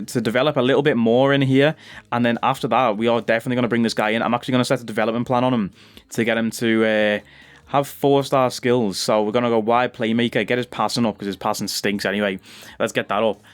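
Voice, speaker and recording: Male gaming YouTuber, chatty play-by-play that jumps to loud cheers. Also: mid-range voice. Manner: chatty, excitable, bursts into loud cheers on goals. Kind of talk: gameplay commentary.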